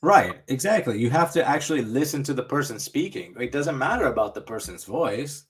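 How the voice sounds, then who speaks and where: A man's voice: mid-range voice, lively intonation, a little fast, breathy edge. A man co-hosting a podcast in casual chat, reasoning aloud and asking "right?" and "you know what I mean?". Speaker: podcast co-host.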